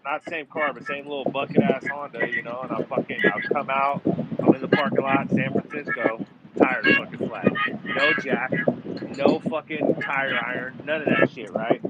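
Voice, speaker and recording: A man's voice: medium pitch, wildly swooping pitch, normal speed. A man telling a rambling, profane story in casual bar talk. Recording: muffled with loud background noise.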